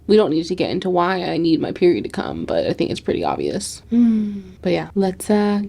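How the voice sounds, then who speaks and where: Weary young woman with a gravelly voice. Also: mid-range voice, lively intonation, fairly quick, hardly any pauses, darkish tone. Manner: candid, weary, venting, swears often. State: tired, burnt out. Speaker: nursing student vlogger. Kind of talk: casual vlog talk to camera. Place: indoors in a library.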